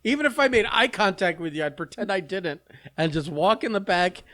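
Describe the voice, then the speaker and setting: A man's voice: high voice, animated, fairly quick, pushed and bright. A man co-hosting a podcast, chiming in with wry, joking banter in casual chat. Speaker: podcast co-host.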